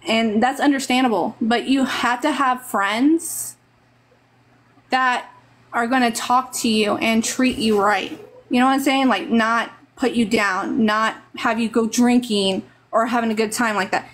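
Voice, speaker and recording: A woman's voice: fairly high pitch, fairly even intonation, a little slow. A woman from Texas with a Texan accent, giving rambling, earnest, motherly advice on a live stream over a phone mic.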